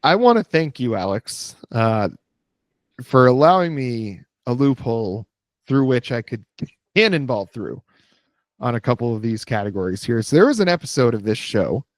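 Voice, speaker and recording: Male podcast co-host, mid-pitched, dry sound, teasing banter. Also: dry recording. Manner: wry, teasing, laughs easily. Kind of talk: casual chat.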